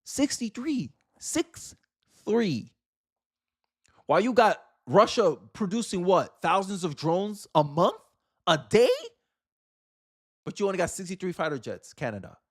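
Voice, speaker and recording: Emphatic high-voiced male political commentator. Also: sing-song, unhurried, long pauses. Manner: emphatic, repeats phrases for effect. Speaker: livestream host.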